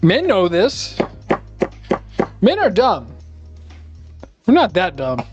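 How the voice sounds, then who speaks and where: Lively high-voiced man rambling while cooking. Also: takes it slowly, dull audio. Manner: animated, rambling, sarcastic. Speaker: live-streaming home cook. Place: home kitchen. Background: faint music.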